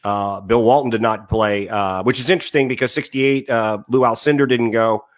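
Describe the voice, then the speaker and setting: A man co-hosting a casual sports podcast, telling long stories with many pauses and fillers. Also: mid-range voice, fairly even intonation. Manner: rambling storyteller, many "uh" fillers. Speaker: podcast co-host.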